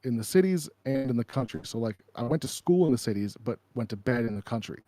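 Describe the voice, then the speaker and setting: A man's voice: medium pitch, animated, fast talker, warm tone, no room sound. A man hosting a casual crypto chat from home, loose and joking, swearing now and then. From Minnesota. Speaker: crypto stream host. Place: home, rural.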